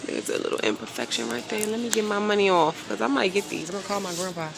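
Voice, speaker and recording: A woman chatting casually and excitedly to her phone camera as she browses a large home decor store. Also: medium pitch, fast, gravelly, a crowd in the background. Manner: chatty, excitable, thinks aloud. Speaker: vlogger. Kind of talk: casual shopping vlog. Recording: store background music. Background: store music playing.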